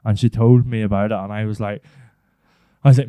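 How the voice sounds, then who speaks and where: A man's voice: fairly low pitch, steady tone, a little fast, mellow, smooth, dry recording. A young man, telling a rambling school story on a podcast, swearing freely and acting out the people in it. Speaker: podcast co-host. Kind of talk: casual storytelling chat.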